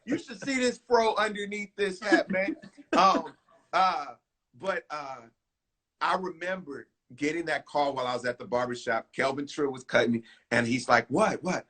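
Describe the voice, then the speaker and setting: A man from Houston, a singer, telling a lively story in an interview, acting out what people said and breaking into song. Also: fairly high pitch, moderate pace. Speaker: guest singer.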